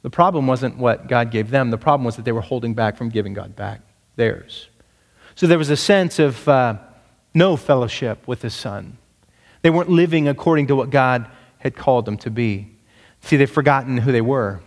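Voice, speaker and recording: A man preaching a sermon as pastor. He speaks emphatically, pushes his pitch up to stress points, and asks the congregation rhetorical questions. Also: normal speed, long reverb tail.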